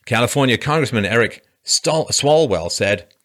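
A man's voice: mid-range voice, expressive, moderate pace, a bit bright. A man giving sarcastic political commentary in a mocking, dry way, often sighing and scoffing.

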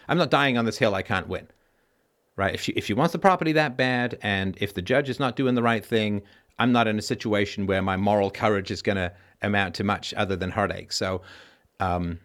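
A man's voice: fairly low pitch, a bit bright. A man hosting a call-in advice show, lecturing emphatically and asking probing questions.

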